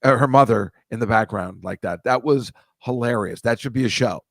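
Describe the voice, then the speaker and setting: A man's voice: mid-range voice, moderate pace, gravelly, dry recording, studio quality. A man co-hosting a podcast who banters with wry, teasing remarks in casual chat. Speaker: podcast co-host.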